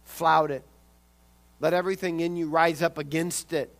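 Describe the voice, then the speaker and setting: A man preaching a sermon, swinging from loud urgent emphasis to quiet intensity and often repeating words. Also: fairly high pitch, steady tone, normal speed. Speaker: pastor.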